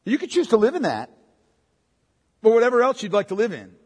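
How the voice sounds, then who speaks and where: A man's voice: very high voice, wildly swooping pitch, a little fast, breathy edge, big-room sound. A pastor preaching a sermon in a conversational way, firing off rhetorical questions and calling listeners "man.".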